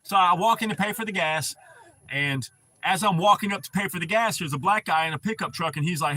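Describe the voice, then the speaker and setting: A man's voice: sits high, fast, pushed and bright. A man from North Carolina telling a story in a casual, profane, laid-back chat.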